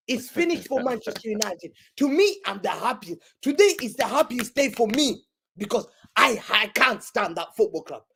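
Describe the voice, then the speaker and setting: A man on a live-streamed football show, mocking a rival club with gleeful, slang-heavy banter over a desk microphone. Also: very high-pitched. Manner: mocking, gleeful, uses London street slang. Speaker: guest pundit.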